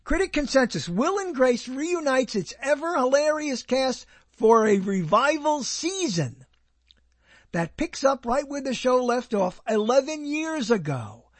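A video host reviewing TV listings rambles through casual commentary in an extremely high-pitched voice, with no echo. He's sarcastic and wandering, often breaking off his own sentences.

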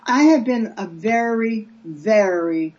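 A woman's voice: mid-range voice, animated, slow, a little mellow, lo-fi sound. An older woman, a guest in a casual interview, telling stories earnestly and acting out the voices she quotes. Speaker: guest, peace activist.

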